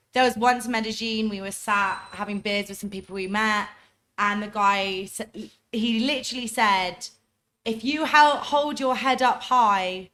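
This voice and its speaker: A young woman co-hosting a travel podcast, chatting in a relaxed way with lots of "like". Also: mid-range voice. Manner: relaxed, loose with fillers like 'like'. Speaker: podcast co-host. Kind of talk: casual chat.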